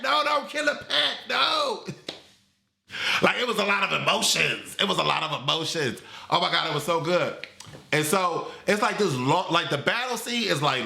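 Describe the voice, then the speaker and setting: A man giving a comedic movie review in a dramatic, sassy, animated way. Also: on the high side, vocal fry. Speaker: movie critic. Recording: roomy echo.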